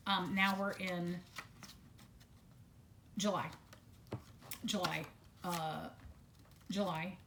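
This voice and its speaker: A woman with a somewhat low voice tells a personal story straight to her camera, stopping and restarting often and repeating words. Her speech is blunt, with swearing. A faint low rumble sits under the recording. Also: a bit bright. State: still detoxing from medication at filming. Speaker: vlogger sharing a personal story. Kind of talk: unscripted personal account to camera.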